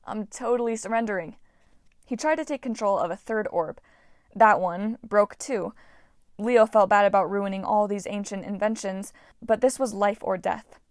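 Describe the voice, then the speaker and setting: Woman narrator for a fantasy audiobook, mid pitch, dry close recording, animated reads. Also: moderate pace, no echo. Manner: lively, voices characters with shouts. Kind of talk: audiobook narration with character voices. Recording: dry, low-quality home recording.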